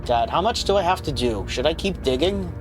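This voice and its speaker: A man's voice: on the high side, expressive, a little fast, pitched above the performer's own voice, lightly acted. A man voicing a grown man who has regressed to an innocent boy and talks in a naive, plaintive way. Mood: childlike. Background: game music.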